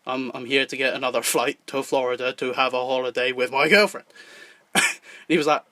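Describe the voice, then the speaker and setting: A man's voice: medium pitch, steady tone, a little fast, pushed and bright, no echo. Swearing Scottish man telling a story. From Scotland. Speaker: podcast host. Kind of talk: casual chat.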